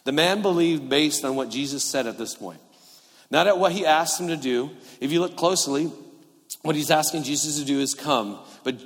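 A middle-aged man preaching a sermon as a pastor, conversational, swinging between loud emphasis and quiet asides. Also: on the high side, moderate pace. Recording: long reverb of a large hall.

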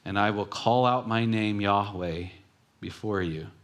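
A male preacher delivering a sermon in a somewhat low voice. He speaks earnestly and often sinks to a near-hush to stress a point. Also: a little slow. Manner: earnest, drops to a soft hush on key words. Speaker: pastor.

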